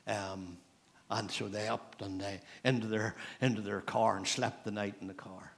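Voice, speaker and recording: A man's voice: lowish voice, level tone, moderate pace, creaky, fairly bright tone. A middle-aged man with a Northern Irish accent, a pastor preaching a sermon in a church in a conversational storytelling manner, repeating phrases for emphasis.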